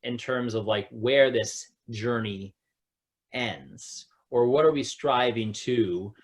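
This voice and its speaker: Rambling yoga teacher asking questions. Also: male voice, mid-range voice, slow. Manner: rambling, hesitant, many fillers and restarts while framing questions. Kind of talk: casual spiritual discussion.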